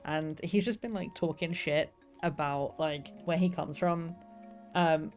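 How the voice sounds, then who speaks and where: A woman's voice: sits low, measured pace, darkish tone. A young woman streamer chatting casually and rambling about the novel she is writing, with lots of fillers. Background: faint lofi music.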